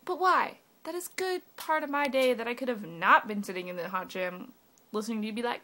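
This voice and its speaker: A woman's voice: on the high side, brisk, bright, forceful tone. A teenage girl ranting sarcastically into her phone camera, swearing a lot and saying "like" constantly. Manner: sarcastic, profane, valley-girl filler "like". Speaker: vlogger. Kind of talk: ranting webcam vlog.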